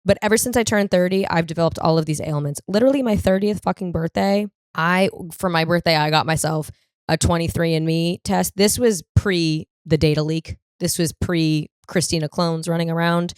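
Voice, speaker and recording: A woman's voice: fairly low pitch, normal speed, clean tone, dry recording, clean studio sound. A woman in her thirties from the US East Coast, hosting a podcast as a rambling, profane comedic monologue and acting out other people's voices. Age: 30s. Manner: profane, rambling and animated, acts out quoted voices. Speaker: podcast host.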